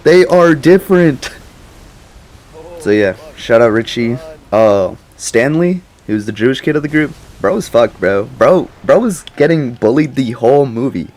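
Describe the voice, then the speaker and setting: A man's voice: mid-range voice, lively intonation, normal speed, a little mellow. A young man giving a casual, slangy movie reaction, rambling and laughing often. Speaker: YouTuber.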